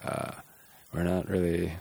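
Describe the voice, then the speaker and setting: A man hosting a casual interview, musing aloud in a relaxed way with many fillers. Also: low-pitched, unhurried, vocal fry, breathy edge. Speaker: podcast host.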